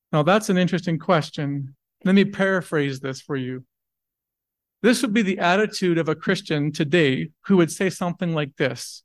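A man's voice: on the high side, normal speed, no room sound. A man preaching a sermon in an earnest, emphatic way, asking rhetorical questions and then answering them. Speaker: pastor.

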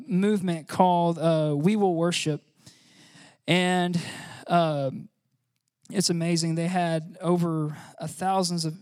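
A man giving an informal, chatty sermon, laughing often and filling pauses with "uh". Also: high-pitched, no echo, clean studio sound. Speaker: church speaker.

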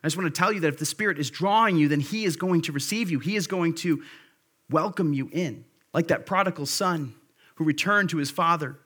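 A man's voice: a little high, brisk, fairly bright tone, breathy edge. A man preaching a sermon at a church service, earnest and conversational, repeating key phrases for emphasis. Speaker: pastor.

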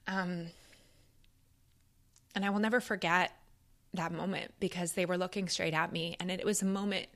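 A young woman with a slightly low, somewhat bright voice candidly and casually recounts her life story at a normal speed, pausing often. Her tone stays steady, though she shows open emotion, uses lots of fillers and swears occasionally.

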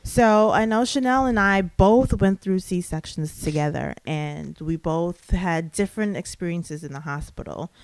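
A woman's voice: lowish voice, measured pace, few pauses, a little mellow, no room sound. Upbeat woman hosting a home podcast. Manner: upbeat, friendly, laughs easily. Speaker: podcast host. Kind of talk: casual chat. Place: living room couch in a home.

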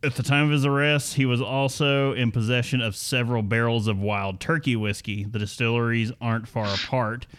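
A man's voice: mid-range voice, fairly even intonation, brisk, few pauses, a bit bright, clear, resonant tone. A young adult man co-hosting a casual chat, reading news items aloud with a wry tone and frequent laughs. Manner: chatty, laughs often, reads news in a wry tone. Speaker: podcast co-host.

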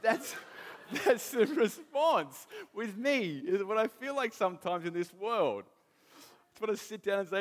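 A man's voice: sits high, animated, normal speed. Man preaching in a reverberant hall. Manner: conversational, self-deprecating, restarts often. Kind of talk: sermon with personal stories.

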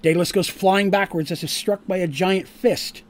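A man narrating a tabletop game as game master, casual and full of fillers, pausing to explain rules. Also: high voice, fairly even intonation.

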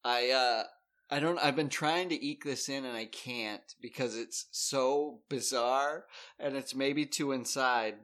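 A man co-hosting a podcast in casual chat, reacting with quick jokes. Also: medium pitch, fairly bright tone. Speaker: podcast co-host.

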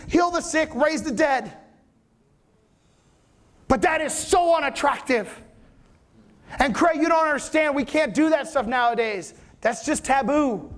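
A man preaching a sermon in a conversational way, often asking if listeners follow, acting out the voices of people in the story. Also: extremely high pitch. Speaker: pastor.

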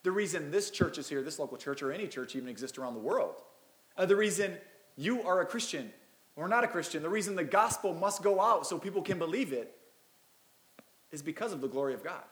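Casual pastor, man with a higher voice. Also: animated, brisk, a bit bright, roomy sound. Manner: casual, self-deprecating asides. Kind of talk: sermon with scripture reading.

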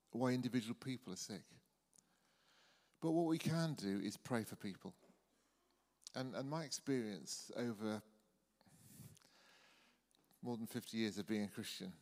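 A man's voice: on the low side, a little mellow. A man in his sixties preaching an evening sermon in a church, earnest and often repeating words as he speaks. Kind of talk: evening sermon and closing prayer. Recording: church hall reverb.

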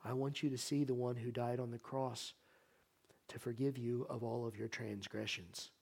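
A man preaching a sermon as pastor in a church sanctuary, with impassioned delivery that moves between loud exhortation and soft, earnest appeals, questioning the congregation directly. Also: medium pitch, steady tone, normal speed, gravelly, husky.

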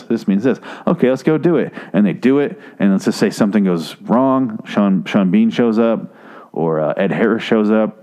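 A man giving a rambling, profane movie review, exasperated and swearing, his voice jumping high when he gets worked up. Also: warm tone. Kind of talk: casual profane movie rant.

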